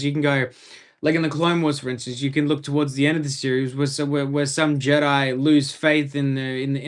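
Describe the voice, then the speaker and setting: A young man with an Australian accent chatting casually on a live stream from a room at home, rambling in enthusiastic fan commentary. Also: mid-range voice.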